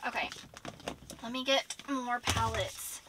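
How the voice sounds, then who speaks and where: A woman's voice: fairly high pitch, slow pace. A woman, chatting casually to camera as a beauty vlogger, indecisive and laughing often. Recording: audible background noise.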